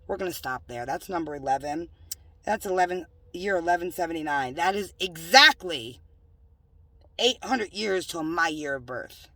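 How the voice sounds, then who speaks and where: A woman's voice: on the low side, animated, moderate pace, bright, forceful tone, no room sound, far from the mic. A woman preaching in a home-made religious video, emphatic and scolding, with joking asides. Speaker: self-styled religious preacher.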